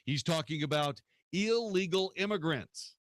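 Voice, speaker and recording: Combative talk radio host, dry sound. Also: male voice, on the high side, animated, a little slow, fairly bright tone, no room sound. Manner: combative, rhetorical questions.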